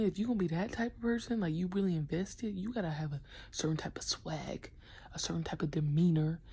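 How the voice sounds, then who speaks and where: A woman's voice: on the low side, husky. A young woman who coaches basketball, talking casually and with slang in a vlog, often half-whispering. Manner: animated, slangy, acts out kids' voices.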